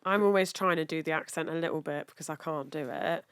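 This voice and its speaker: A woman's voice: low-pitched, quick pace, a crowd in the background. A woman co-hosting a podcast, chatty and rambling with many restarts. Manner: chatty, lots of fillers and restarts. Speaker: podcast co-host. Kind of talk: casual podcast chat.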